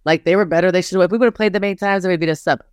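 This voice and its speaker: Smooth-voiced woman coach, animated storyteller. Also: fairly low pitch, very fast, dry recording, clean studio sound. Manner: animated storytelling, frequent "like" fillers, acts out quotes. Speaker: basketball head coach, interview guest. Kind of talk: candid interview conversation.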